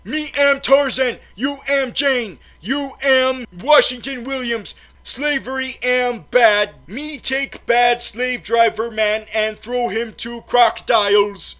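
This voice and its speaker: A man doing Tarzan as a hulking jungle man who bellows short, clumsy phrases. The voice rides high and bright, and every line sounds like a proud, booming proclamation. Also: fairly even intonation, slow, heavily acted. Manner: loud, blunt, caveman-style proclamations. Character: Tarzan, brawny jungle man in broken English.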